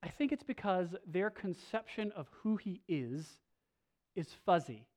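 A male pastor preaching a sermon, moving between loud, slow emphasis and soft, low asides, with casual restarts. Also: lively intonation. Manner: conversational, with filler restarts.

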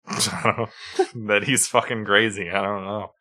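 A man's voice: fairly low pitch, steady tone, measured pace, sharp tone. A man co-hosting a podcast, telling stories animatedly and swearing freely in casual chat. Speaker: podcast co-host.

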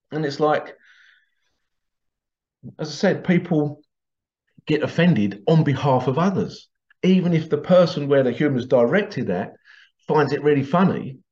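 A man's voice: mid-range voice, a little mellow, dull audio. Giggly middle-aged man. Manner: giggly, keeps breaking into laughter while telling stories. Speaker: vlogger. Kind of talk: casual monologue to camera.

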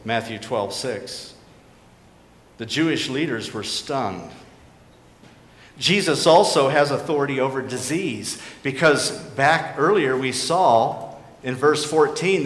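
A man preaching a sermon as pastor, earnest and questioning, dropping to quiet emphasis on key points. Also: medium pitch, lively intonation, measured pace. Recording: echoey hall with faint background noise.

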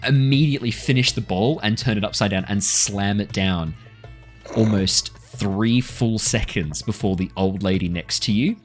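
A man narrating a tabletop game as game master, lively and laughing often. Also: on the low side, moderate pace, soft background music.

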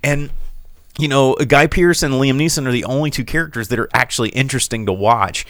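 A man's voice: mid-range voice, brisk, dry recording, clean studio sound. A man hosting a casual podcast chat, rambling through a film review with lots of fillers and a sarcastic, mocking edge. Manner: animated, mocking delivery.

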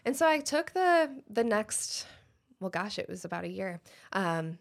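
A woman's voice: medium pitch, sing-song, measured pace, creaky. A woman in her thirties, a dentist guest, telling a story in conversation and laughing often. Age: 30s.

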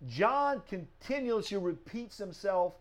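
High-voiced man teaching a Bible lesson. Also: animated, slow pace. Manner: explains with rhetorical questions and frequent tag "right?".

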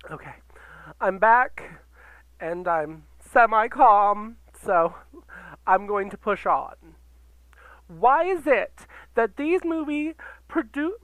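A man's voice: very high-pitched, bright, forceful tone, clean tone, dry recording, pitched above the performer's own voice, heavily acted, rough recording. A man doing a campy, dramatic drag queen persona who hosts a podcast and rants theatrically into a computer sound recorder. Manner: theatrical, gasping, swearing, camp. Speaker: podcast host. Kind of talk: ranting podcast monologue.

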